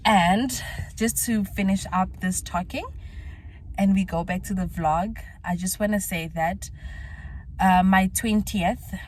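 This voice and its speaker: A woman's voice: mid-range voice, slow, darkish tone, a little hiss or hum. A twenty-year-old woman, vlogging to camera in a candid, reflective way with filler words. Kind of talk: talking to camera in a vlog.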